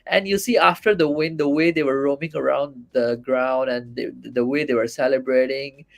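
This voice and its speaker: A Malaysian man appears as a guest on a casual fan podcast, venting his frustrations in a blunt, heated way. His medium-pitched voice holds a steady tone at normal speed, with some vocal fry.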